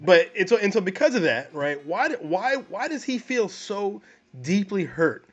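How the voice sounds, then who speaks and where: A man co-hosting a casual movie review podcast, animated, restarting his sentences often. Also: high-pitched, measured pace, slightly rough, dull audio. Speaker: podcast co-host.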